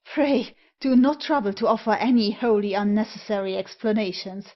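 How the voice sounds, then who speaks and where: A woman's voice: mid-range voice, moderate pace, natural voice. A woman reading the part of a haughty male traveller who speaks with icy, formal politeness. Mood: coldly polite. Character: cold, haughty male fellow traveller, coolly superior. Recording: dull lo-fi recording.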